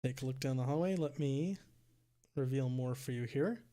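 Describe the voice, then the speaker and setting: A man running a tabletop game as dungeon master, describing scenes in a halting way with many fillers. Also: mid-range voice, warm tone. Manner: halting, restarting narration with fillers.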